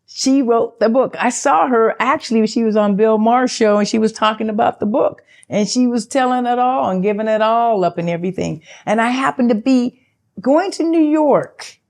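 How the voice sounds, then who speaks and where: An older woman, an actress, telling a story in a sit-down interview in a chatty, animated way and acting out the dialogue. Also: normal speed. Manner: animated, acts out quoted dialogue with big pitch jumps; chatty, loose, with fillers and self-interruptions.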